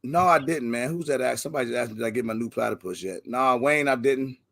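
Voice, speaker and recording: Gravelly man hyping up a livestream. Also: medium pitch, fast talker. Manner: energetic slangy shout-outs to viewers. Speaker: livestream host. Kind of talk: casual livestream chat.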